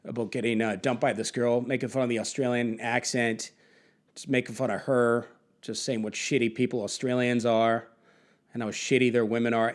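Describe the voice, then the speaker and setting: A man's voice: medium pitch, level tone, a little fast. A man, a comedian, telling his story candidly in a documentary interview, rambling with many fillers.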